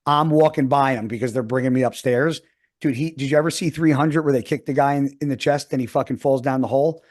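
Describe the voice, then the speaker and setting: Man in his 40s, podcast co-host, casual storytelling, heavy swearing, animated delivery. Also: mid-range voice, quick pace. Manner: heavily profane, animated storytelling.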